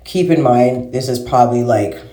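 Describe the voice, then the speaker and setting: A woman's voice: extremely low pitch, moderate pace, dark tone. A woman vlogger in a casual monologue, ranting with heavy swearing and exasperation. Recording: roomy echo.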